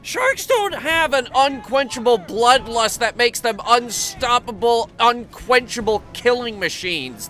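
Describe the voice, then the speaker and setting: High-voiced, ranting movie reviewer man. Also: very animated, slow pace, hardly any pauses, bright, forceful tone, faint music behind. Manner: sarcastic, profane ranting. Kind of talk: comedic movie review narration.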